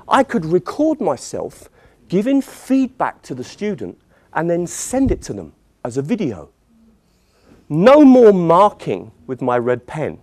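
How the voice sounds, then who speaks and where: Lively British man presenting to teachers. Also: sits high, dry recording. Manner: enthusiastic, demonstrating websites on screen. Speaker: teacher trainer. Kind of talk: conference presentation. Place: conference room.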